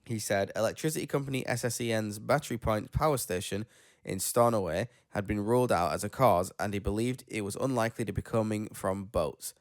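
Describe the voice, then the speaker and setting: A man's voice: fairly low pitch, fairly quick, no room sound, studio quality. A man, tired after being ill, chatting on a podcast and reading news stories aloud, rambling and tripping over names. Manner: rambling, self-deprecating, stumbles over names. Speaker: podcast host.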